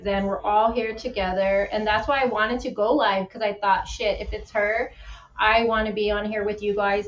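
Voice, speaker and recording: A woman's voice: mid-range voice, a little hiss or hum. Teary woman rambling on a live stream, roomy dull audio. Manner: emotional, tearful, rambling with restarts. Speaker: livestream host. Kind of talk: emotional casual chat on a livestream.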